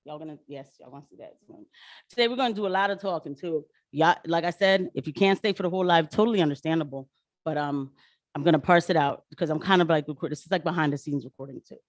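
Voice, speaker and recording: A woman's voice: deep voice, quick pace, no echo, clean studio sound. Slangy woman chatting live with viewers. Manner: chatty, slangy, animated, addresses viewers as y'all. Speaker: political commentator livestreaming. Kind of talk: casual livestream talk.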